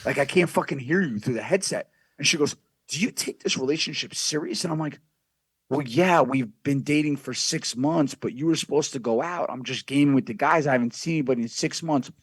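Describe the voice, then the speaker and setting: A man spins a brash, profane story as a podcast guest, acting out the voices of everyone in it. His voice sits at a middle pitch, recorded dry and close with no room sound. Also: fairly quick, breathy edge, no room sound. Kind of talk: casual storytelling.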